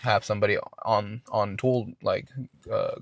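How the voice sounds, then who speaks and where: A man's voice: lowish voice, fairly even intonation, unhurried, creaky. A man hosting a podcast and telling a casual, rambling story, swearing often and restarting his words. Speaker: podcast host.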